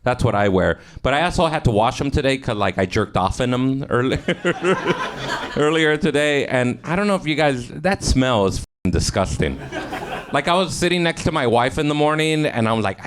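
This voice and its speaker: This live, noisy stage recording features a Mexican-American man speaking at medium pitch and normal speed in an animated way. Improvising stand-up from audience suggestions at a comedy club, he swears heavily, laughs at his own material, and banters self-mockingly with the audience.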